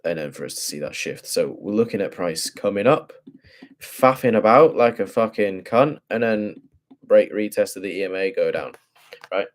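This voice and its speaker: A man's voice: fairly low pitch, animated, moderate pace. A young man casually talking through forex charts, thinking aloud in profane, slangy speech. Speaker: forex trader.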